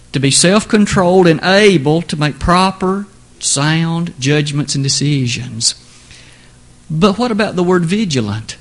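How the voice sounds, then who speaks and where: Earnest emphatic preacher man. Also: on the high side. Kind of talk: sermon.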